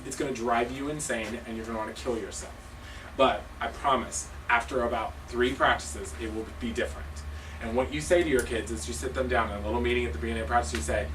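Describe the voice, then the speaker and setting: Joking man coaching staff from afar. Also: medium pitch. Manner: casual, joking, emphatic. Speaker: cheer coach and judge. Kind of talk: staff training talk. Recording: distant mic with noisy background.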